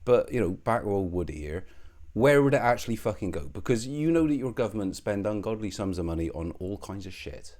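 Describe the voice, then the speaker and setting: A man's voice: fairly low pitch, animated, brisk, few pauses, darkish tone. A man giving a profane, rambling video commentary, with a sardonic edge and a mock accent put on. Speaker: online commentator.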